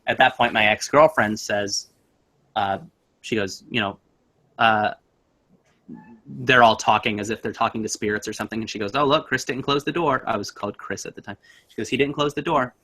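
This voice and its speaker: A man's voice: fairly low pitch, normal speed. A young man casually telling a spooky story, acting out the voices in it. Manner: animated, acts out voices in his story.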